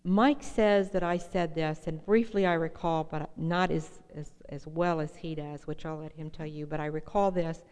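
A woman's voice: sits low, fairly even intonation, moderate pace, hardly any pauses, a little mellow, smooth, long reverb tail. A middle-aged woman telling her personal recovery story to an audience, earnest and direct, often asking listeners questions. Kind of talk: personal testimony talk.

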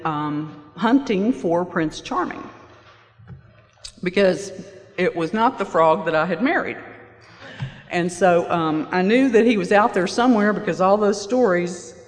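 A woman sharing her personal testimony at a recovery meeting, halting and pausing often with fillers. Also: fairly low pitch. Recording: reverberant hall.

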